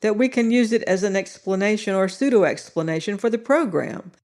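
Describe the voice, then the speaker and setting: A woman's voice: mid-range voice, brisk, a little mellow, voice pushed up, lightly acted. A woman doing a brash wisecracking TV man. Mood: breezy.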